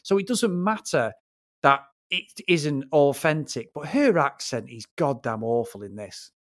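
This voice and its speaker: A man's voice: fairly high pitch, animated, a little slow, fairly bright tone. A man co-hosting a film review podcast, ranting bluntly and swearing freely in casual chat.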